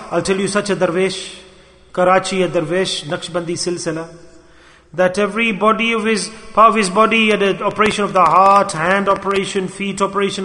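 His voice high and bright, the preacher delivers a fervent sermon that drops from loud appeals to the crowd into quiet asides. Everything echoes with the long reverb of a cavernous hall.

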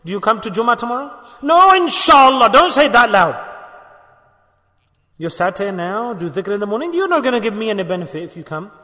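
A man preaching a sermon, animated and scolding, acting out other people's replies. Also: high-pitched, quick pace, pauses often. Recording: reverberant hall.

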